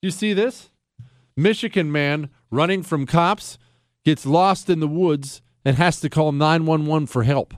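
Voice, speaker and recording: A man's voice: on the high side, unhurried, no echo, studio quality. A man from the Pittsburgh area with a Pittsburgh accent, hosting a radio talk show in a sarcastic, joking way. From Ohio, near Pittsburgh.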